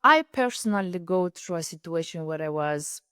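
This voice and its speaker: Reflective host with a deep female voice. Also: lively intonation, clear, resonant tone, no echo, studio quality. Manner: thoughtful and halting, with soft laughs. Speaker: podcast host. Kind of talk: reflective conversation.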